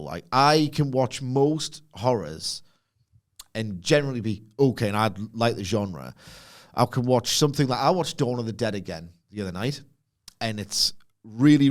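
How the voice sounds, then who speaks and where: A man in casual podcast chat, ranting with animated asides and laughs. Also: lowish voice, normal speed. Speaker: wrestling podcast co-host.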